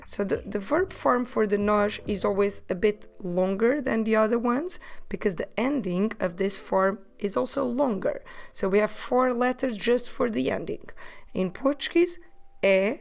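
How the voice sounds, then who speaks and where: A woman teaching a podcast language lesson, modelling words slowly and carefully and having listeners repeat after her. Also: mid-range voice, gravelly. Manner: slow, careful pronunciation drills with repetition.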